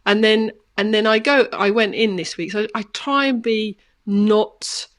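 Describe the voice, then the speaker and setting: A woman's voice: mid-range voice, fairly even intonation, a little slow. Earnest woman in her thirties. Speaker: podcast co-host. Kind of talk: casual conversation.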